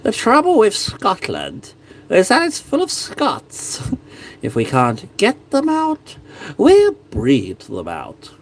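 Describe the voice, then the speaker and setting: A man doing a slow, drawn-out impression of a cruel, haughty older king. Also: high voice, huge pitch swings, pitched above the performer's own voice, heavily acted. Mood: sneering. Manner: slow, drawn-out, sneering delivery.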